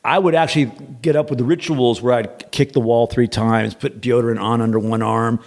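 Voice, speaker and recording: A man's voice: medium pitch, steady tone, fairly quick, creaky. A man guest on a podcast, telling a long personal story in a rambling, casual way, repeating words and acting out what others said.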